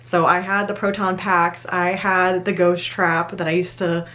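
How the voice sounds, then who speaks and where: A woman's voice: lowish voice, level tone, a little slow, fairly bright tone. A woman in her thirties chatting enthusiastically to her viewers as a vlogger, laughing now and then. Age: 30s. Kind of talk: casual chat to camera.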